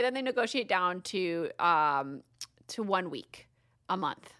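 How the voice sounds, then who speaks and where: A woman co-hosting a book podcast, retelling chapters in a casual, animated way and laughing often. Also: on the low side, unhurried, no echo, studio quality.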